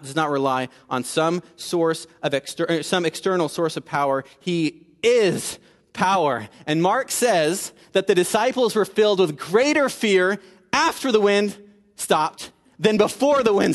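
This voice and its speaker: A man preaching a sermon in a conversational style, building to emphatic peaks and dropping low for asides. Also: in a large hall. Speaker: pastor.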